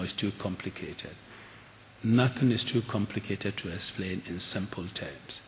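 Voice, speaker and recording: An older man speaks in a very low voice, earnest and measured, often restarting his sentences. He is recorded in a large auditorium, so his voice carries a long reverb. A faint hiss sits under it. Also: a bit bright. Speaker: keynote speaker. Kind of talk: lecture and audience Q&A.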